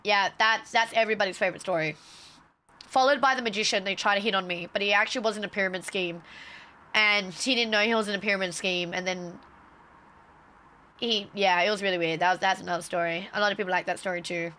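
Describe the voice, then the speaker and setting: A woman's voice: mid-range voice, fairly even intonation, fast, pushed and bright. A young woman streamer telling a story casually on a livestream, swearing freely and acting out the quotes.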